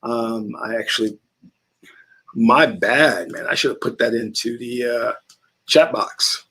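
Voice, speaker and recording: A man's voice: medium pitch, slow, pushed and bright, slightly rough. A man hosting a casual talk stream, telling stories in an emphatic way. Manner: emphatic storytelling. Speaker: host.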